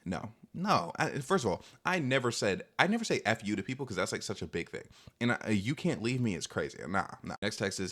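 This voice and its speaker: A man's voice: fairly low pitch, big pitch swings, fairly quick, fairly bright tone. A young man vlogging, telling a rambling, defensive storytime full of filler words. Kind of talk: casual storytime monologue.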